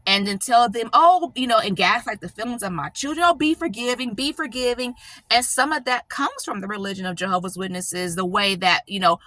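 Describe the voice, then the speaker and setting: A middle-aged woman speaks in a personal vlog with a bright, sharp voice. The sound is dry and close. She is emotional and near tears, and she rambles and keeps checking in with "right?" and "you know.". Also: mid-range voice, lively intonation, brisk, hardly any pauses, no echo. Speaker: channel host.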